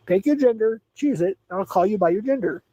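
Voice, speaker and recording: A man's voice: high-pitched, lively intonation, fairly quick, warm tone, rough recording. A man in his forties hosting a livestream, answering viewers in a blunt, repetitive, scolding way. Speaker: livestream host. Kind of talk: livestream chat, reacting to viewers.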